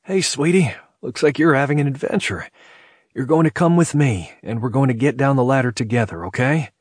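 A man's voice: mid-range voice, fast, husky, no room sound, clean studio sound, pitched above the performer's own voice, close to an everyday voice. A man doing a desperate firefighter husband. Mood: gentle. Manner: shouting in panic, then gentle and reassuring with a child.

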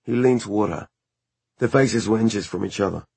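Husky male audiobook narrator. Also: on the low side, moderate pace, a little mellow, dry recording.

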